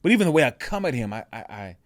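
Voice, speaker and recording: Racing along with big swings in pitch, a man with a heavy, medium-pitched voice hosts a podcast, and there's no room sound. His reflective personal monologue is conversational, peppered with "right?" checks, and he often restarts and repeats words.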